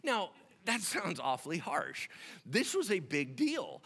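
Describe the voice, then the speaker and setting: A man preaching a sermon, telling the story in an animated way and acting out the dialogue. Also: sits high, a little slow, breathy edge, big-room sound. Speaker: pastor.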